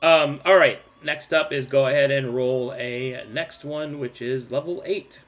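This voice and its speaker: A man's voice: mid-range voice, fairly even intonation, a little slow, a bit bright, soft background music. A man acting as game master, playfully guiding a player through a level-up in a tabletop game. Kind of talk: running a tabletop game session.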